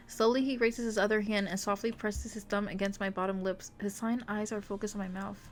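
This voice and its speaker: A woman's voice: mid-range voice, little pitch movement, a little fast, few pauses, soft background music. A young woman streamer reading a romance visual novel aloud, breaking in with giggly, gushing asides. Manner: giggly, gushing asides between dramatic narration. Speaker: VTuber streamer.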